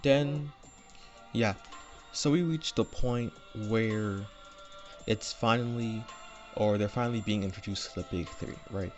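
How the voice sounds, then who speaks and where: A man's voice: fairly low pitch, a little slow, long pauses, darkish tone, faint music behind. A man casually retelling his own fan story unscripted, rambling with fillers and frequent "right?" asides, recorded on a home desk microphone. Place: home room.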